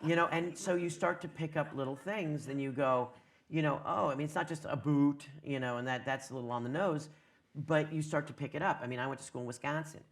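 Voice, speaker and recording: A man, a TV writer, talking on a conference panel in a joking, animated way. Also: fairly high pitch, quick pace. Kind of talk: panel discussion. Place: conference stage.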